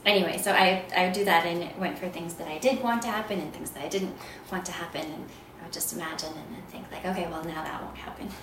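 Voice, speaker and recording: A woman sharing a personal story of faith in an unhurried, soft voice that often trails into a whisper. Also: on the low side. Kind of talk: personal testimony talk. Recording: echoey room, voice from far off, background noise.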